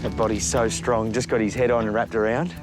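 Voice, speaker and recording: A middle-aged Australian man presenting wildlife on location outdoors, chatty and lively, often talking straight to the animal. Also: lowish voice, brisk, loud music behind the voice. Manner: lively, chatty, talks directly to the snake. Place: outdoors in the bush and by a road.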